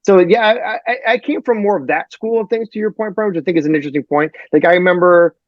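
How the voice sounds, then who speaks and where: A man from Detroit, a novelist guest on a podcast, talking in a rambling, animated way full of fillers. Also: high voice, fast talker, no room sound, highs cut off. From Detroit, USA. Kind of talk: casual podcast chat.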